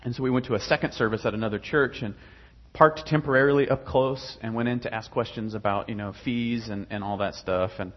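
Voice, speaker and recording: Husky man rambling through a testimony. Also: medium pitch, brisk, few pauses, lo-fi sound. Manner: rambling, many fillers and restarts. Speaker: guest telling his faith story. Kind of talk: casual personal testimony.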